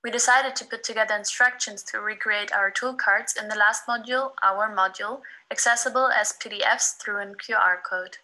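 A woman, a design student, reads a scripted presentation in an even, informative way. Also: mid-range voice, a little fast, few pauses, poor audio.

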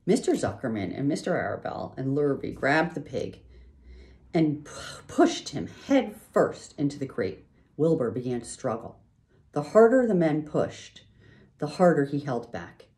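A woman reading a children's book aloud, in an expressive, lively way. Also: sits low, normal speed. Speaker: reader.

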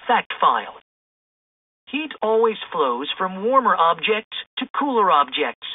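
A woman reading a children's storybook aloud in an expressive, lively way. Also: mid-range voice, a little slow, a little hiss or hum. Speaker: storybook reader. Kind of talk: children's book read-aloud. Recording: tinny phone-like sound.

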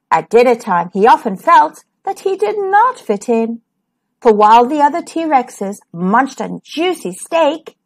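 Expressive woman reading to children. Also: high-pitched. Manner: expressive and sing-song. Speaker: children's storyteller. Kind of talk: reading a picture book aloud.

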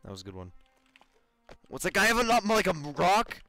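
Excitable young man commenting on gameplay. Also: high voice, normal speed, faint music behind. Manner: loud, swearing, laughing outbursts, mock taunts. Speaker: gaming YouTuber. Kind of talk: excitable let's play commentary.

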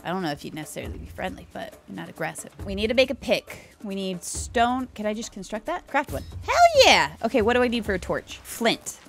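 A young woman giving casual let's play commentary, excitable, chatting to the animals and swearing, with sudden loud outbursts. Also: mid-range voice, brisk, gravelly, hardly any pauses. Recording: game music playing behind the voice.

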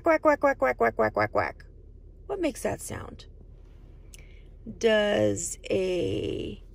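A woman leads a storytime for little ones, her voice sitting a touch high and swooping up and down. She talks very slowly and gently, and a gravelly edge of fry creeps into her voice. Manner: slow, sing-song, asks the child many questions. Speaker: children's storytime host. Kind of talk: reading a picture book aloud to young children.

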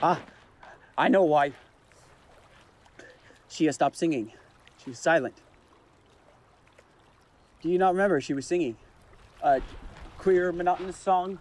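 A man acting a frightened shipwrecked gentleman, pleading anxiously and theatrically in an outdoor stage performance. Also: fairly high pitch, close to an everyday voice. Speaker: actor playing the gentleman. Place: outdoor marina platform.

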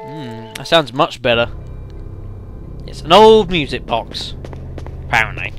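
A man giving casual, chatty let's play commentary, speaking to viewers as folks with lots of halting fillers. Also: mid-range voice, very animated, music in the background.

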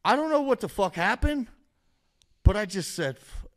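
Male podcast guest, slightly high voice, profane, rambling, vivid storyteller. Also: sing-song, moderate pace, a bit bright. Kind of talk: casual storytelling.

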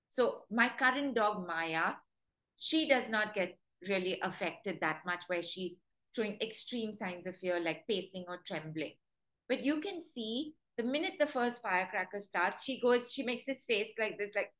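A woman's voice: mid-range voice, expressive, normal speed, fairly bright tone, rough recording. A woman dog trainer giving a webinar talk, telling stories and acting out what dogs would say. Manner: storytelling, acts out dogs' thoughts in quoted voices.

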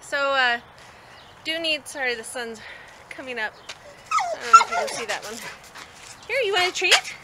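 A woman who works at an animal shelter coaxes a dog outdoors, filming on her phone and casually repeating calls and commands. Her voice sits high with huge pitch swings, at a normal speed broken by long pauses. Loud outdoor noise fills the background.

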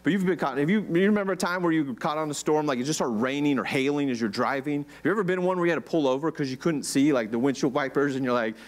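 An American man preaching a sermon as pastor, in a relaxed, conversational way, often asking his congregation questions. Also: on the high side, fast talker, few pauses. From United States. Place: church.

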